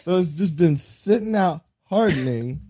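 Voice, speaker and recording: A man's voice: fairly high pitch, lively intonation, a little slow, mellow, breathy edge. A man co-hosting a podcast in casual chat, joking, laughing often and swearing freely. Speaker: podcast co-host.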